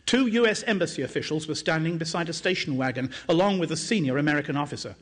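A man reads passages from his own book aloud, his voice somewhat high for a man and noticeably husky. He takes a measured, dramatic pace and lifts his pitch whenever he voices a quoted line. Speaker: author and journalist.

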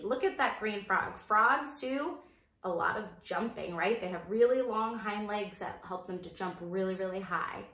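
A woman teacher reading a picture book aloud to young children in a slow, sing-song storytime voice, stopping to ask them questions. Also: medium pitch, a bit bright, reverberant. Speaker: preschool teacher.

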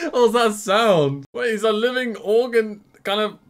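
Young guy reacting to a movie, lively pitch, unhurried, film music underneath. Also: background noise. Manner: excitable, laughing often. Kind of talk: casual reaction commentary. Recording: film soundtrack playing behind.

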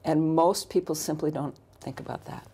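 A woman's voice: sits low, normal speed, dark tone, slightly rough. A woman, a coach and author, explaining her ideas as an interview guest, building points with lists of questions.

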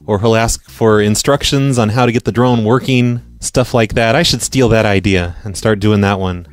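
Sarcastic low-voiced podcast host. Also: male voice, fairly even intonation, normal speed, few pauses. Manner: sarcastic, swears freely. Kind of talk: casual joking commentary.

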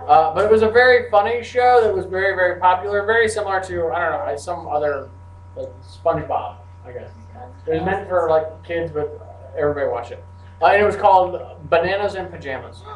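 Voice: mid-range voice, a little fast. A teacher giving a grammar lesson to a class, with playful, joking asides. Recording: echoey classroom from far off, faint hum.

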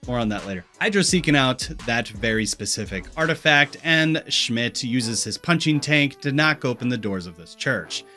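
A man's voice: medium pitch, animated, normal speed, hardly any pauses, bright, forceful tone, faint music behind. A man with a Missouri accent narrating a scripted film commentary with wry, sarcastic asides. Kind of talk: scripted video-essay commentary.

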